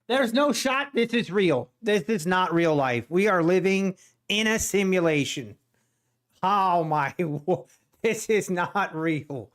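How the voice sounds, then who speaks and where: A man hosting a live day-trading stream, excitable, laughing often and repeating himself. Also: high voice, takes it slowly. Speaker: day-trading livestream host.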